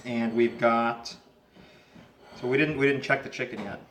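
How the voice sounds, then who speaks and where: A man runs his own cooking channel from a home kitchen, talking casually as he cooks and tastes. His voice is sharp and bright. The room is noticeably echoey, with a faint hum of household noise behind him. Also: mid-range voice, steady tone, moderate pace. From Canada. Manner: chatty, talks while tasting food. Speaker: home cook and channel host.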